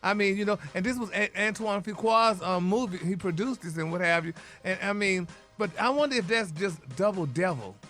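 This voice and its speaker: Flamboyant high-voiced man dishing gossip. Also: a little fast, hardly any pauses, sharp tone, soft background music. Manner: flamboyant, sprinkles "honey" and "y'all". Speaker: celebrity news correspondent. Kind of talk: gossipy celebrity news segment.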